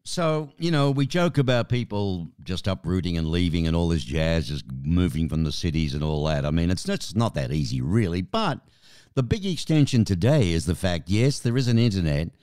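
A man's voice: low voice, sing-song, normal speed, darkish tone, clean tone, dry recording, studio quality. A man hosting a podcast interview, chatty and joking. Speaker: podcast host. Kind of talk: casual interview.

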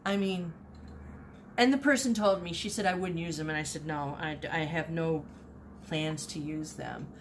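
An online reseller shows off her thrift finds in a casual haul video, her low voice moving at a normal pace over background noise. She chats animatedly and often repeats herself as she tells a story.

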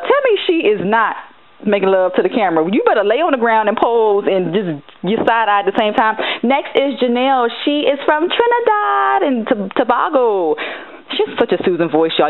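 A sassy, animated woman chatting to viewers as a fashion vlogger. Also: on the high side. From United States. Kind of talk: casual chat over photo slideshow. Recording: tinny phone-like audio.

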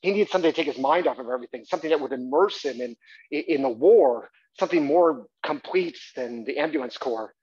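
A man performing a one-man stage show, telling the story in a lively, chatty way with asides to the audience. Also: fairly high pitch, brisk, breathy edge. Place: theatre stage, live audience. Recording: dull live theatre recording.

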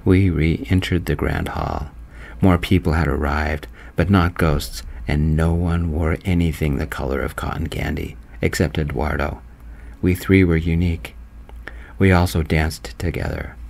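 A man narrating his own romance story in a gentle, slow, soft-spoken voice. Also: a bass voice, vocal fry.

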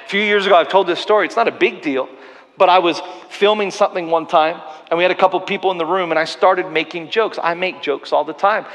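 A man's voice: high voice, fast, fairly bright tone, in a large hall. Earnest male pastor preaching. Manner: earnest, storytelling, self-deprecating humor. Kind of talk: sermon. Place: church auditorium.

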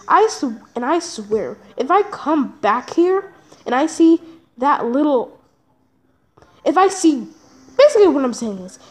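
A performer voicing a stern, angry dad who lectures slowly and threatens in a homemade puppet movie. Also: exaggerated voice. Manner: booming, threatening, slow lecturing.

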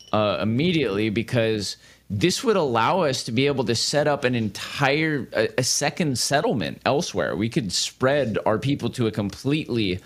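Halting man running a tabletop game. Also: mid-range voice. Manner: relaying NPC speech, halting. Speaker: game master.

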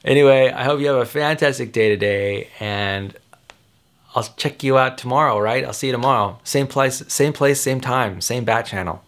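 A man's voice: medium pitch, moderate pace, fairly bright tone. A man in his forties, a father, rambling casually to the camera with frequent chuckles and self-corrections. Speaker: father giving advice. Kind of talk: casual direct-to-camera chat.

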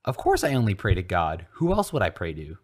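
A man's voice: low voice, huge pitch swings, brisk, heavily acted. A man voicing a naive, earnest schoolboy who is new to his faith. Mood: earnest curious. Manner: earnest, innocent, indignant at times.

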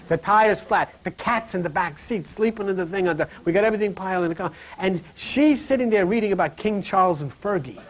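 High-voiced man rambling through spiritual talk. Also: husky. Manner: animated storyteller, laughs through his stories; drops to a hushed, low, slow voice on spiritual lines. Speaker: host of a spiritual talk program.

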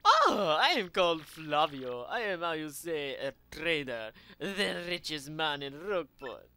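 A gamer reads game dialogue as a vain, dramatic rich merchant, putting on a Spanish accent and playing it pompous and theatrical. His mid-range voice is sharp, exaggerated and very animated, yet unhurried.

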